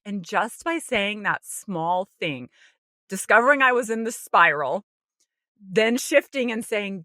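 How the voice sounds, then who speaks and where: A woman co-hosting a podcast, telling a personal story in a casual, animated way, acting out her own inner voice with light laughs and lots of "like". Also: a little high, normal speed, no echo, studio quality. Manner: frequent light laughter and "like" fillers. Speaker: podcast co-host.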